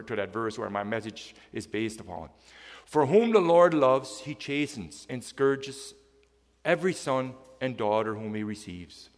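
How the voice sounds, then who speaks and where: A man at the pulpit delivers a sermon in a hall whose sound rings on. He stops to quiz the congregation between the verses he reads out. His stress falls slow and heavy on the words he wants to land, in a voice of middle pitch. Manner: reads scripture aloud, asks the congregation questions. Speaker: preacher. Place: church hall. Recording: long hall reverb.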